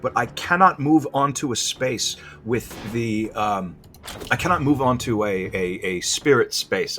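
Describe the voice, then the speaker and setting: A man's voice: medium pitch, a bit bright. A man giving casual, rambling gameplay commentary, self-deprecating and restarting his sentences often.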